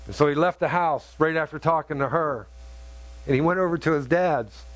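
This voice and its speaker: A middle-aged man preaching a sermon, telling a story in an earnest, halting way with many restarts. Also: a little high, fairly bright tone, no echo. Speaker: pastor.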